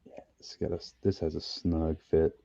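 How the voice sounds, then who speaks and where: A man on a live stream call giving relaxed, terse replies about his work. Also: a bass voice, normal speed, creaky, muffled recording. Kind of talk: casual chat on a live stream.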